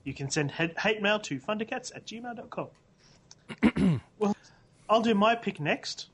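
A man's voice: sits high, lively intonation, unhurried, fairly bright tone, breathy edge. A man co-hosting a podcast, telling a playful story in casual chat. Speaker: podcast co-host.

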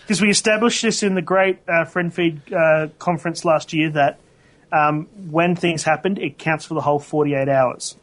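A man's voice: on the high side, steady tone, normal speed, a bit bright. A man, sounding, co-hosting a casual tech podcast, rambling and correcting himself as he goes. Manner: rambling, self-correcting, laughs often. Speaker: podcast co-host.

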